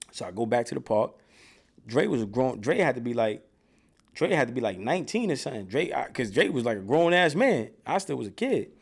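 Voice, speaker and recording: A man with a slightly raised voice tells stories of his childhood to an interviewer. He talks in a profane, streetwise way. He gets loud and lively whenever he acts out the people in his stories. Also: fairly high pitch. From New York. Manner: animated, profane street storytelling with loud bursts when reenacting. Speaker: interview guest. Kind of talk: casual storytelling in an interview.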